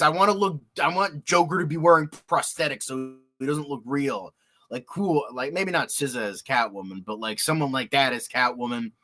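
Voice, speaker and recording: Excitable, bright-voiced man. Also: on the high side. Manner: excitable, swears a lot, lots of filler words and laughs. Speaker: podcast host. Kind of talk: casual reaction commentary.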